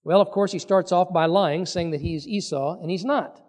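A man preaching a sermon, reading scripture and explaining it in an animated way, acting out the people he quotes. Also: high-pitched, normal speed, in a large hall. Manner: animated, acts out quoted speakers with voice changes. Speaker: pastor.

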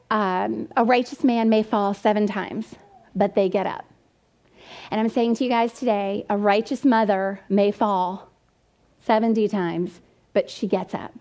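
A middle-aged woman giving a lively storytelling talk to mothers, acting out quotes as she goes. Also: on the high side. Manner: animated storyteller, acts out quotes, gasps and laughs. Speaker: speaker at a mothers' event.

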